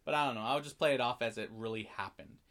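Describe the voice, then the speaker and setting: A man in casual chat, animatedly retelling a film scene by scene and acting out the characters' lines, with swearing. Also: fast talker. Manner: animated storyteller, acts out lines with big jumps in pitch and loudness, swears.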